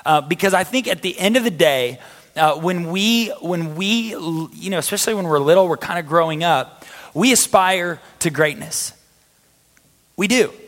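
A man preaching a conversational sermon to a live congregation, with energetic restarts and a voice going hoarse. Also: sits high, moderate pace. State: losing his voice. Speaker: pastor. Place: church hall with a live audience. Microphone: handheld or stage mic. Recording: long hall reverb.

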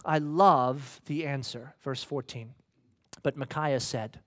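A man's voice: mid-range voice, slow pace, fairly bright tone. A man preaching a sermon in a conversational, humorous storytelling manner.

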